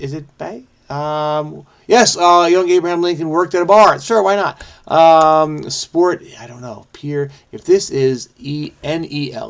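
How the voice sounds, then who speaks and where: A man talks his way through a crossword puzzle, wondering aloud and doubting himself as he goes. His voice sits somewhat high for a man, and his delivery is loose and casual. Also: vocal fry. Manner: rambling, self-questioning, frequent "I don't know". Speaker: crossword solving video host.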